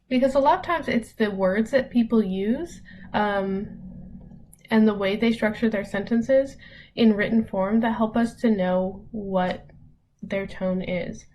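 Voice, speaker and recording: A young woman teacher records an online lesson in a relaxed, chatty way. She works through examples step by step and fills the pauses with ums. A faint hiss runs under the recording. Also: mid-range voice, rough recording.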